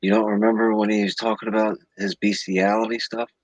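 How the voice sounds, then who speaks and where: A man's voice: fairly low pitch, flat delivery, a little fast, no room sound, rough recording. A man co-hosting a casual podcast chat, delivering dry, sarcastic, matter-of-fact remarks. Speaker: podcast co-host.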